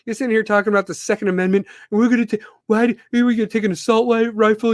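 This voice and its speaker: A man's voice: sits high, flat delivery, very fast, few pauses, no room sound, studio quality. A man from the Midwestern US hosting a live podcast, ranting bluntly and with plenty of profanity. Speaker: podcast host.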